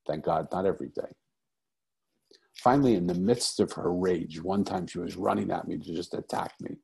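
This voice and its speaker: Low and husky with vocal fry and a darkish tone, a middle-aged man speaks at a moderate pace. As an interview guest he tells a personal story conversationally, earnest and reflective, using repeated phrases for emphasis.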